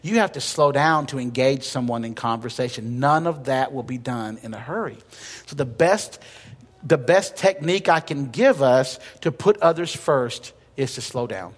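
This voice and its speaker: A man's voice: mid-range voice, expressive, moderate pace. A male pastor preaching a sermon in a conversational way, with light humor and emphatic repetition. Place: church sanctuary. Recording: long reverb of a church hall.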